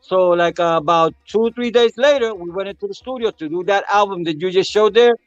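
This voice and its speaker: High-voiced man telling a story. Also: fairly quick, dry recording, lo-fi sound, faint music behind. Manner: animated, acts out quotes of others. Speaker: guest musician. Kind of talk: casual storytelling.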